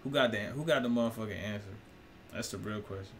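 A man with a voice on the low side talks quickly in a casual, rambling monologue for his own video channel. He swears loosely, laughs often and fires questions at viewers, with slight background noise present.

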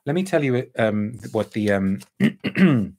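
Male perfume reviewer, thoughtful musing delivery, slightly low and husky. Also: expressive, slow pace, darkish tone. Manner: thoughtful, musing, reads out viewer comments. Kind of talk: casual live review chat.

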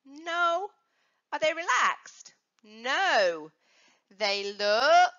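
Teaching little kids about dog safety, a woman prompts them playfully and asks coaxing questions in a sing-song way. Her voice is high-pitched, pushed, and bright, captured on a dull lo-fi recording.

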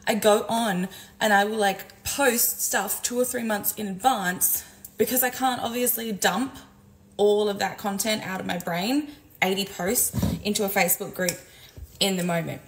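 A woman rants to camera from her kitchen, frank and exasperated, with plenty of swearing. Her voice sits at an everyday middle pitch. Faint household noise runs underneath. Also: steady tone, moderate pace, low-quality recording. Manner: frank, profane, exasperated, chatty. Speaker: business coach and community owner. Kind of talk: casual vlog rant to camera. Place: home kitchen, making coffee.

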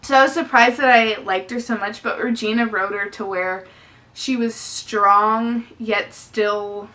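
A woman's voice: mid-range voice, steady tone, measured pace, sharp tone. A young woman chatting casually on a book vlog, effusive and talkative, full of fillers. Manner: chatty and effusive, lots of "definitely" and "like". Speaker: book vlogger.

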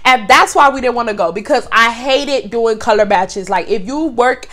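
Young woman vlogger, high-pitched, brash and profane, casual storytime delivery. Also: moderate pace. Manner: profane, animated and sassy; styling her hair while talking. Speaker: vlogger, former makeup store worker.

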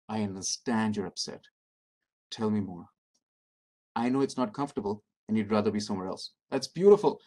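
A middle-aged man leading an interactive training workshop, speaking calmly and encouragingly as he reads out answers from the audience. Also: medium pitch, husky. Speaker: workshop presenter.

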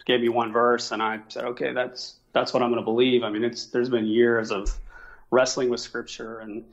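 Halting middle-aged missionary man, lo-fi. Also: medium pitch, level tone. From Oklahoma, USA. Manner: halting, many restarts and fillers. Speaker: Christian missionary. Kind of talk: casual conversation. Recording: dull lo-fi sound.

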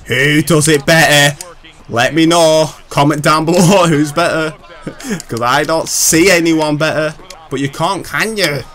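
A man's voice: on the high side, fairly bright tone. A man giving hyped, trash-talking gameplay commentary, laughing often. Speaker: gaming channel host.

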